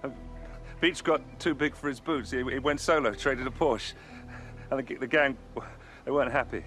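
An actor playing a stammering, nervous smuggler. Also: male voice, mid-range voice, steady tone, normal speed, fairly bright tone, soft background music, close to an everyday voice. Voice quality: stammering, flustered. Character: nervous, stammering male smuggler under questioning.

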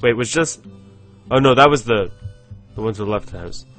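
A man's voice: mid-range voice, fairly quick, a bit bright, soft background music. A young man hosting a casual let's-play, rambling, giggling and reading game text aloud. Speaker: gaming channel host.

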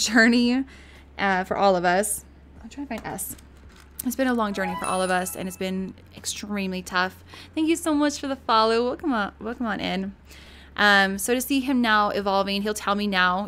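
A woman in her thirties talks casually on a live stream. She chats freely, thanks her viewers by name and laughs often, at a medium pitch. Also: fairly bright tone. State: mother of young kids.

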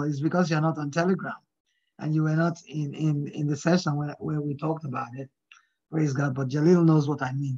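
A pastor with a fairly high voice runs a Bible study over a video call. He jokes lightly, calls on people, and keeps saying "praise God." His audio is dull and lo-fi. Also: husky. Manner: jokey, repeats "praise God".

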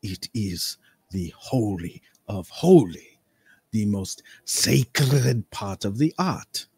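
A man voicing an eccentric, flamboyant male spin master who speaks softly and theatrically, with long lofty pauses. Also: fairly low pitch, expressive, breathy edge, exaggerated voice. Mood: grandiose. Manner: theatrical, soft-spoken, drawn-out pauses, lofty.

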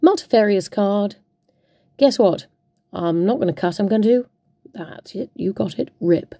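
A woman's voice: mid-range voice, unhurried, warm tone, no echo. Playful, chatty woman crafting. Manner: chatty, playful, talks to herself while working. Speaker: craft tutorial host. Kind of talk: casual crafting demonstration.

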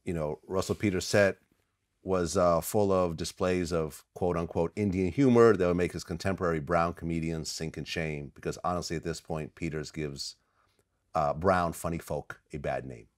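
Male host, very deep voice, halting filler-heavy reading from notes, dry sound. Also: steady tone, dry recording. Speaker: interviewer host. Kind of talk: interview questions.

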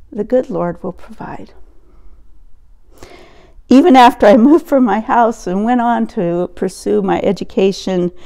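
A woman's voice: fairly high pitch, mellow. A woman pastor in her sixties, sharing an earnest personal reflection as a sermon. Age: 60s. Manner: slow, earnest storytelling.

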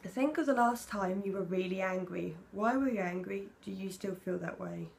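A woman's voice: mid-range voice, moderate pace, vocal fry. A young British woman chatting casually in a vlog, reading out personal questions and answering them candidly. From Britain. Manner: chatty, candid, soft-spoken when emotional. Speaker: vlogger. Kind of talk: casual tag video, reading questions aloud.

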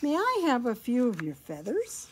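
A woman's voice: fairly high pitch, huge pitch swings, moderate pace, slight background noise. A woman voicing a polite female farm cat in a children's storybook read-aloud, asking sweetly.

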